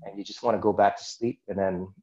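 A man's voice: fairly low pitch, fairly even intonation, fast talker, dark tone, highs cut off, faint music behind. A man as a podcast guest, earnestly recounting a personal experience in a rambling, casual way with many asides. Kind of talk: personal storytelling in a casual interview.

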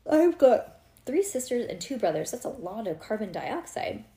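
A woman voicing an eager, boastful schoolgirl who talks excitedly about her plan. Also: a little high, normal speed.

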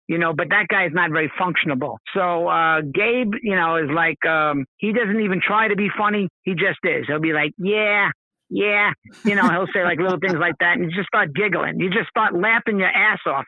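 High-voiced middle-aged man on a tinny phone line. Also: no room sound. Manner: animated, repeats phrases, mimics others' voices. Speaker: podcast guest. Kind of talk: casual storytelling. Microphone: phone call.

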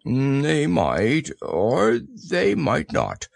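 A man voicing a gentle, slow-witted male teddy bear in a storybook, with a slow, ponderous, musing delivery. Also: mid-range voice, wildly swooping pitch, gravelly, dry recording, exaggerated voice. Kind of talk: storybook character voice.

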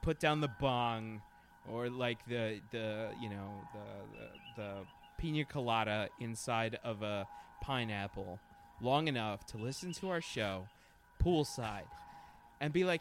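A man's voice: mid-range voice, unhurried, slight background noise. A man co-hosting a podcast, bantering casually, joking, rambling and laughing often. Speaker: podcast co-host.

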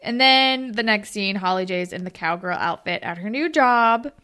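Bright chatty young woman recapping. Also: medium pitch, expressive, moderate pace, smooth. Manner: chatty, filler-heavy, quotes characters in passing, swears casually. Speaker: podcast co-host. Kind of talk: casual recap chat.

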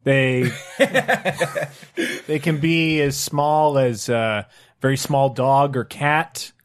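A man improvising in a comedy game, speaking slowly with a somewhat high voice. His delivery is deadpan, with dry throwaway asides. He keeps a flat, matter-of-fact tone even in absurd moments.

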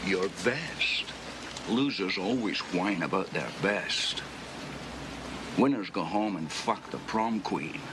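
A cocky, crude tough guy with a very deep, gruff voice and a taunting delivery. Rain and street noise sit clearly under this film clip. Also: slow. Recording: film audio clip with noisy ambience.

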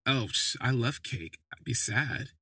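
A man's voice: medium pitch, animated, a little slow, bright, forceful tone, slightly rough, dry recording, studio quality, exaggerated voice. A man voicing a guarded, charming man in his story, giving brief, understated replies. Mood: quiet.

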